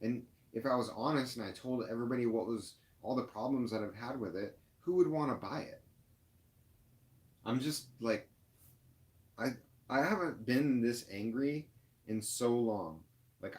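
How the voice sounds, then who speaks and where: A rideshare driver ranting on a live stream, frustrated and upset, with halting restarts and lots of fillers. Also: male voice, mid-range voice, a little mellow. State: upset, near tears.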